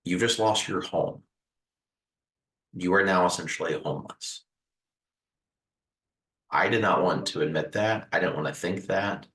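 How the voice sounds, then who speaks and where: A man's voice: low-pitched, measured pace, pauses often, echoey room, low-quality recording. A man hosting a video on recovering after a house fire, talking earnestly and reassuringly to the viewer, with repeated phrases and the odd "uh". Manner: gentle, reassuring, repetitive phrasing with fillers. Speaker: host sharing house fire recovery advice. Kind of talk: earnest direct-to-camera advice talk.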